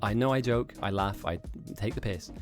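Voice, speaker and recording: A man's voice: lowish voice, moderate pace, music in the background. Chatty man commentating a game. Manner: chatty, self-mocking, rambling asides to chat. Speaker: tournament commentator and streamer. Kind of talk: live esports commentary.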